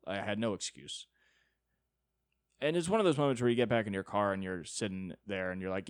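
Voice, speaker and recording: A man's voice: fairly low pitch, animated, quick pace, no echo, studio quality. A young man hosting a solo comedy podcast, telling a rambling, profane, self-deprecating story.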